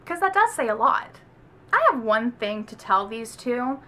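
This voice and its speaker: A woman's voice: fairly high pitch, measured pace. A woman from the American South giving a casual, chatty book review vlog, with lots of "like" fillers. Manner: chatty, animated, heavy use of "like".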